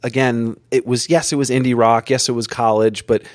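A man hosting a casual podcast interview, telling playful, animated stories with quick asides. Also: mid-range voice, no room sound. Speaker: podcast host.

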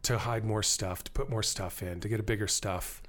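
Podcast guest, male, low voice, animated rambling storyteller. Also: brisk. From born in Germany to American parents. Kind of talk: casual conversation.

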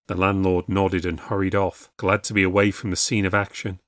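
A man narrating a ghost story in a measured storytelling way for a podcast. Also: low-pitched, level tone, fairly bright tone, no echo, studio quality.

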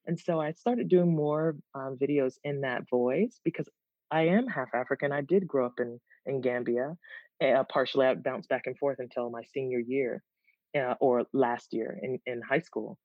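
A woman guest chatting in an interview, animated and quick to laugh. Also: very deep voice, no room sound. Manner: animated, laughs easily, restarts words. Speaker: guest, content creator. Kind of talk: casual interview chat. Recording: dull lo-fi, dry sound.

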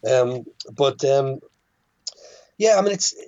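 An Irish man chats casually as a podcast guest, stumbling through restarts and fillers as he gathers his thoughts. His voice sits at a middling pitch. The recording is dry and a little muffled, with a lo-fi dullness. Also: expressive, takes it slowly, darkish tone, no room sound. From Ireland. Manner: hesitant, many restarts and fillers. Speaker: guest filmmaker.

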